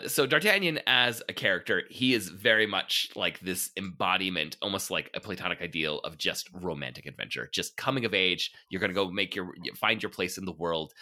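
Very deep, bright-toned man talking. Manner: thoughtful, many fillers and restarts. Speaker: podcast guest. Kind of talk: casual chat.

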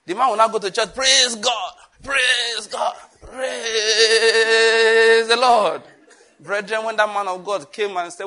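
A man with a Nigerian accent preaching a sermon, animated, acting out voices and laughing often. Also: on the high side. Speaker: pastor.

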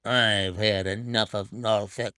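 A man's voice: fairly low pitch, steady tone, slow pace, bright, forceful tone, clean tone, dry recording, studio quality, voice pushed down. A man voicing a surly, half-drunk male servant with a thick, slurred voice and a sulky, snarling manner.

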